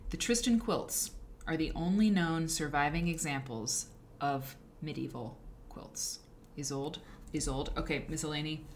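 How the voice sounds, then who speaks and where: A woman's voice: low-pitched, a little slow, few pauses, a little hiss or hum. A woman hosting a live stream, chatting casually and rambling with frequent asides and self-corrections. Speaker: livestream show host. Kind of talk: casual live-stream talk about quilt history.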